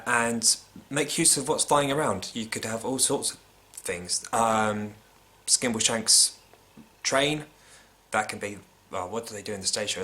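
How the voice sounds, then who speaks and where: A man vlogging a casual, opinionated critique with a wry tone, often dropping into hushed asides. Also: fairly low pitch. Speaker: vlogger reviewing a film.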